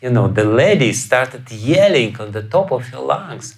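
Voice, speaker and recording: In a lecture hall, a spiritual teacher with a Russian accent expounds on scripture with hardly any pauses, chuckling, asking rhetorical questions, and erupting loudly as he acts out quotes. His creaky mid-range voice swings widely in pitch and is unhurried, on a rough recording with slight background noise.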